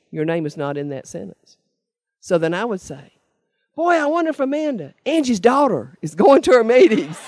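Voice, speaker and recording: A woman's voice: on the low side, a little mellow, no room sound, studio quality. An older woman, giving a personal testimony talk to a meeting in an earnest, emphatic storytelling way. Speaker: speaker sharing her recovery story.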